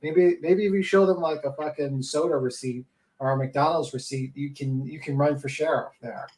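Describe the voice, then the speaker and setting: A man's voice: fairly high pitch, steady tone, normal speed, darkish tone, rough recording. A man joking and mocking in a casual live panel chat, laughing often.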